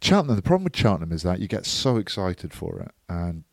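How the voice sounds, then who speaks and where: A man's voice: low voice, very animated, quick pace, gravelly, no room sound, clean studio sound. A man co-hosting a podcast, chatting casually and teasing his co-host. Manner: teasing, playful ribbing. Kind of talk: casual banter.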